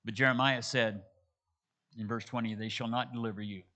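A man's voice: on the low side, steady tone, brisk, pushed and bright. A man preaching a sermon, reading scripture and retelling it in casual everyday dialogue, with frequent restarts. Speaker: pastor. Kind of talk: sermon, expository Bible teaching.

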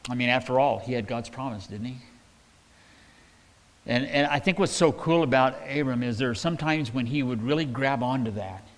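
A man's voice: mid-range voice, normal speed, long reverb tail. A man preaching a verse-by-verse sermon in a conversational, folksy way, retelling scripture in everyday words. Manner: conversational, folksy, with restarts and paraphrased quotes. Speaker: pastor.

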